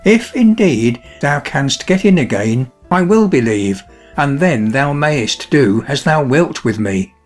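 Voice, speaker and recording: A man voicing a cheerful, fearless young scholar in a fairy tale, speaking briskly and calmly. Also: medium pitch, soft background music. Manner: bright, brisk and calm.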